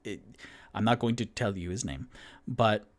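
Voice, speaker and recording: A man's voice: fairly low pitch, moderate pace, natural voice. A man voicing a timid, polite, lawful-good male adventurer who stammers nervously. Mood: anxious.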